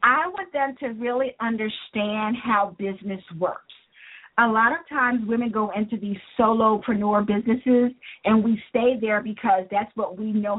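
Motivational woman coach on the phone. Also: a little high. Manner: earnest and motivational. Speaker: business coach and author. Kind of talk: interview guest on a talk show. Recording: tinny phone-line sound.

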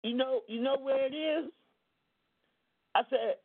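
A woman deliverance minister telling a testimony in an emphatic, drawling preaching style, with a gravelly voice. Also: high voice, moderate pace, pauses often, no echo. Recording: tinny phone-like line, dry.

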